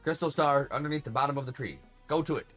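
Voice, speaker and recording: A man's voice: on the high side, quick pace, fairly bright tone, faint music behind. A man voicing a crotchety old creature elder. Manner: scolding, crotchety reading of game dialogue. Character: grumpy bossy old female tree-dwelling creature elder.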